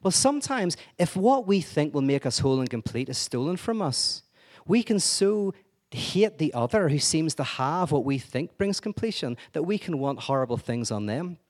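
A man giving an energetic, digressive lecture-style talk, full of wry asides and restarts. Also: on the high side, moderate pace.

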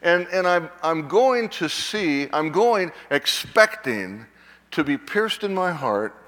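Emphatic older pastor preaching in a reverberant church. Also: male voice, a little high, sing-song, takes it slowly, fairly bright tone. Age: 60s. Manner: emphatic, repeats words and restarts, quizzes the congregation. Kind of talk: sermon. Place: church sanctuary.

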